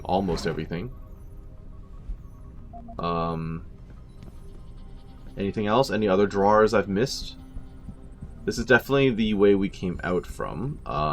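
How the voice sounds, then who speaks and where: A man giving casual let's-play commentary with chatty, wry asides. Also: low-pitched. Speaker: gaming channel host. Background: game music.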